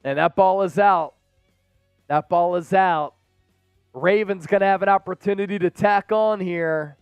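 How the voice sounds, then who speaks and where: Male stream host, high pitched, energetic casual play-by-play, dry sound. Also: unhurried, clean tone, no echo, soft background music. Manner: energetic, hyped fan banter. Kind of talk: excited live play-by-play commentary and chat shout-outs.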